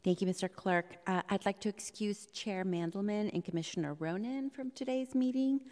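A woman presiding over a public board meeting as vice chair, speaking in a measured, polite way with a few fillers. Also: mid-range voice, a little mellow. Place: legislative chamber in a city hall. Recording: long reverb of a large hall.

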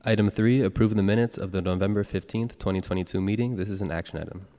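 A male clerk calling the roll and reading procedural announcements in a city hall chamber, even and formal. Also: fairly low pitch, fast. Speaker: board clerk. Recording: long reverb of a large chamber.

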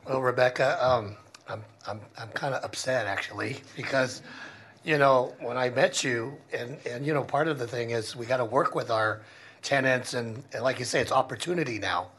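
A husky-voiced man at a public commission meeting speaks haltingly and rambles, stopping and restarting often. His pitch sits mid-range. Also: fairly bright tone.

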